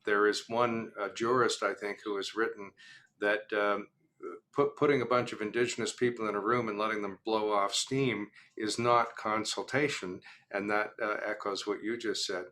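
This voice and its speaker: An older man hosting an interview, chatty and anecdotal, pausing on fillers. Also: on the low side, steady tone, pushed and bright. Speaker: interview host. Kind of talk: casual interview chat.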